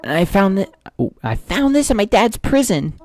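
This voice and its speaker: A woman's voice: mid-range voice, very animated, normal speed, darkish tone, close to an everyday voice. A woman voicing an earnest young child searching for missing parents in a game. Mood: determined.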